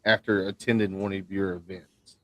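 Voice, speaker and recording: A man hosting a veterans' talk show who asks his questions in a measured, polite way. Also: low-pitched, little pitch movement, no echo. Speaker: host. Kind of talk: interview questions.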